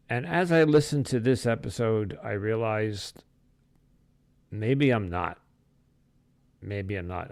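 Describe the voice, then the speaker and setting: A man hosting a podcast, talking haltingly and emotionally, with many restarts, before he introduces a guest. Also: mid-range voice, smooth, no echo, clean studio sound. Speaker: podcast host. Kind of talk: reflective solo intro, then interview.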